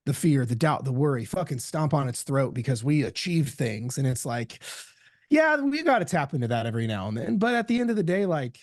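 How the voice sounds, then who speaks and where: A man as a podcast guest, telling a candid story in an animated way and swearing freely. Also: medium pitch, a little fast, no echo, clean studio sound. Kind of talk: candid casual conversation.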